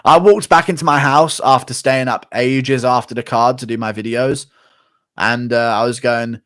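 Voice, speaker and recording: A young man streaming live, cursing freely and flaring up into rants between donation thank-yous. His voice sits at an ordinary middle pitch and comes through dry and close, with no room sound. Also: steady tone, a bit bright, no room sound. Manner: profane, ranting, quick to flare up. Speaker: livestream host. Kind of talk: casual livestream chat reading donations.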